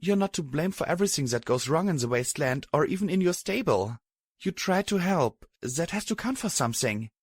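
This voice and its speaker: Guy doing a soft timid pegasus mare, quiet and careful, dry close sound. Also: a little high, expressive, a little fast, breathy edge, dry recording, voice pushed up. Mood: gentle.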